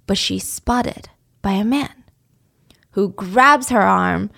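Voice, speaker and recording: A woman telling a story in a chatty, animated way with dramatic asides. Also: medium pitch, takes it slowly, creaky. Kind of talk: casual storytelling.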